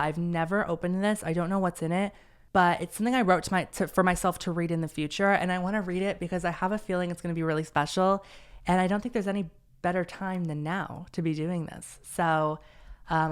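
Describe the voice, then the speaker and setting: Young male podcast host, smooth clear voice, rambling and self-deprecating. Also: high-pitched. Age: young adult. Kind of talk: casual solo podcast chat.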